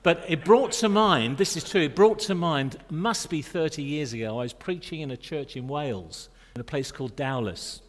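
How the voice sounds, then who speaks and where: A man's voice: on the high side, moderate pace. A middle-aged man preaching in a church, chatty and joking with the congregation between points. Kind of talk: sermon. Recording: long reverb of a church hall.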